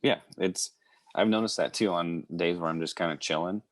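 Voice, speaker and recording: A young man chats as a podcast guest in a relaxed, easygoing way. His voice is very low, and the recording is dry and close with no room sound. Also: moderate pace, no echo. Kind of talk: casual chat.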